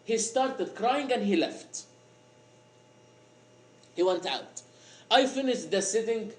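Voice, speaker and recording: A man's voice: high-pitched, lively intonation, slow pace. A man from Egypt giving an informal storytelling sermon, with many fillers and frequent laughs. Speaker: priest giving a talk. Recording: echoey room with faint noise.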